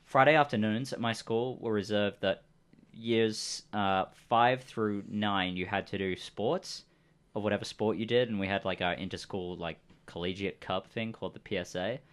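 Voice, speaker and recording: A man's voice: fairly low pitch, normal speed, clean tone. A man, game master on a live stream, chatting and narrating in an easygoing, rambling way with many fillers.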